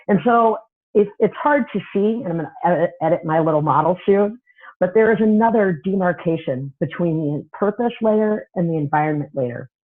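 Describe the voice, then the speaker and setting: A woman's voice: low-pitched, breathy edge. A woman therapist and coach giving a teaching talk, conversational and often checking in with "right?". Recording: tinny phone-like audio.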